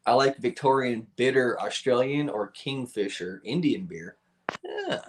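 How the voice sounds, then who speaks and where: A man's voice: mid-range voice, sing-song, a little slow, a little hiss or hum. A man hosting a live stream, chatting casually with viewers, rambling, laughing often and swearing freely.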